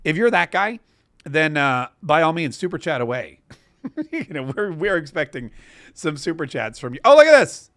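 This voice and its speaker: The studio-quality recording, free of echo, captures an American man in his forties whose fairly bright voice sits on the high side, with lively intonation and a moderate pace. As host of a live stream show, he chats casually through a long, rambling story with many restarts.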